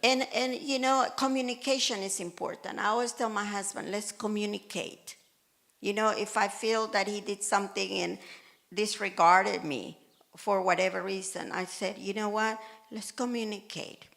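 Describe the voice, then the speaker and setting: A woman pastor preaching a sermon in earnest, animated style, acting out quotes from everyday life. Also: mid-range voice, moderate pace, creaky. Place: church hall in Malta. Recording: church service.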